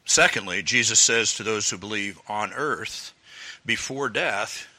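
A man's voice: fairly low pitch, a little slow, sharp tone. A man preaching an expository sermon, earnest and emphatic, building up through repeated phrases. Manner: earnest, emphatic, with swelling repetitions.

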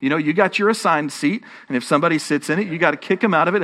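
A man's voice: on the high side, very fast, fairly bright tone. A man with a Texan accent preaching a sermon as pastor, rising in emphasis and often restarting his phrases.

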